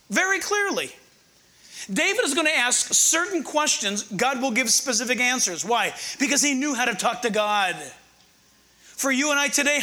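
This older pastor has a very high voice, pushed and bright, and keeps his sermon conversational and full of humor. When he reaches the verses, he slows down and reads them emphatically.

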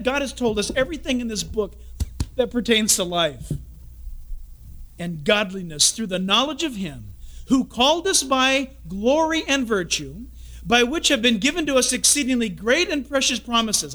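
A man preaching a sermon, telling stories and jokes and acting out the people in them. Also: extremely high pitch. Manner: animated storytelling, acts out characters in the story.

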